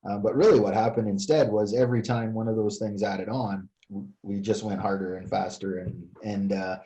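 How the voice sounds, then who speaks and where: Older man, low voice, muffled lo-fi audio, halting storyteller. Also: steady tone, dark tone. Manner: hesitant, many fillers and restarts. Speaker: retired fire chief, guest. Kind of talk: casual interview storytelling. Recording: dull lo-fi sound.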